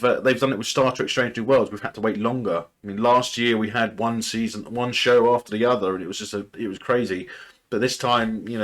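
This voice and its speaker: A man hosting a TV reaction video, casually thinking aloud and speculating, often restarting his sentences. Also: fairly low pitch.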